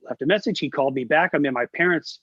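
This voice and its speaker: A man's voice: fairly high pitch, fast, husky, no echo. A middle-aged man, a guest musician, telling stories in a casual interview over a video call, acting out the people he quotes. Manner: animated storyteller, acts out quoted voices. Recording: dull lo-fi video call audio.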